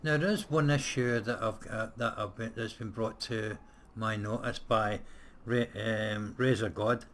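A man's voice: lowish voice, fairly even intonation, measured pace, few pauses, fairly bright tone, a little hiss or hum. A man hosting a casual let's-play, thinking aloud as he plays, with frequent hesitations and the odd blunt swear word. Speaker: gameplay host.

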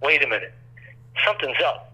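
A man's voice: medium pitch, sing-song, fairly quick, bright, forceful tone, husky. A man telling a long, rambling story as an interview guest, acting out quoted voices, over a phone line.

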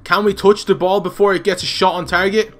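A young man giving excited, jokey commentary over his own football video game, swinging between shouts and mutters. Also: high voice, fairly quick. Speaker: gaming YouTuber.

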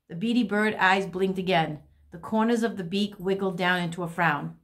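A woman's voice: lowish voice, moderate pace. A woman teacher reading a children's chapter book aloud to a second grade class, expressively. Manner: expressive storytelling.

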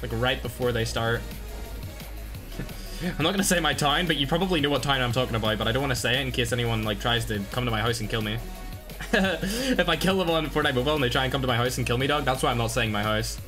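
A young man with a Northern Irish accent streaming a game live, reacting loudly and greeting chat in casual slang. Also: medium pitch, fast talker, over music. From Northern Ireland. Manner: excitable, slangy, swings between loud outbursts and muttering. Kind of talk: live gameplay commentary with chat shout-outs.

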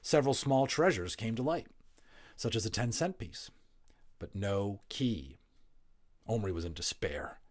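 A man reading a novel aloud as an audiobook, relaxed, with chatty asides and small slips. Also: lowish voice, measured pace, pauses often. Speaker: audiobook reader, voice actor.

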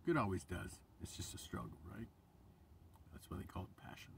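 A man's voice: deep voice, animated, fairly quick, gravelly, breathy edge, far from the mic. A man giving an emotional, rambling spiritual monologue to camera, choked up and sighing, sometimes dropping to a whisper. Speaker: vlogger.

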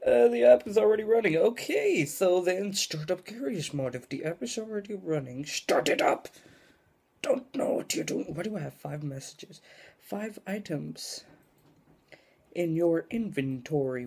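A young adult vlogger, tired and scatterbrained, talks to a camera in a dim room at home. The delivery rambles, drops into mumbled asides and then jumps into loud outbursts. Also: medium pitch, animated, moderate pace, vocal fry, husky. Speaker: gaming vlogger. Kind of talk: casual rambling vlog to camera.

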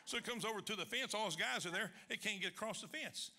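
A man telling a funny hunting story on stage before a large audience, folksy and animated, loud in the quoted lines. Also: high-pitched, fast talker, background noise. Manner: folksy, animated, shouting punchlines in quoted voices. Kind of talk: live comic storytelling.

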